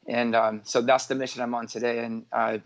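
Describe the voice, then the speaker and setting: This entrepreneur from northwest Indiana, USA, in his forties, speaks a little fast in a flat, mid-range voice, captured with lo-fi sound. Appearing as an interview guest, he rambles through his life story with plenty of fillers and self-corrections.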